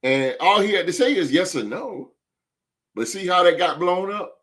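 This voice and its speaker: Sports podcast guy, kinda high voice, keeps stumbling and restarting but hammers his point. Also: animated, normal speed, a bit bright. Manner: emphatic, stammering restarts. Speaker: podcast host. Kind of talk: casual sports talk.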